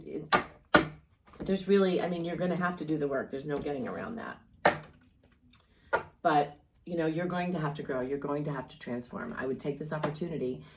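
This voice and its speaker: Tarot reader, woman, deep-ish voice, chatty and reassuring, stops and restarts a lot. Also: background noise. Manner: rambling, encouraging, many fillers and restarts. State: coughing and yawning at times. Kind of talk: casual tarot reading monologue.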